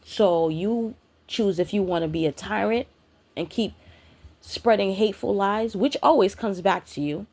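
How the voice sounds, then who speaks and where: A woman's voice: lowish voice, vocal fry, a little mellow. A woman giving a blunt, profane, confrontational rant in a spiritual vlog. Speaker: spiritual content creator. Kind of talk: ranting vlog monologue.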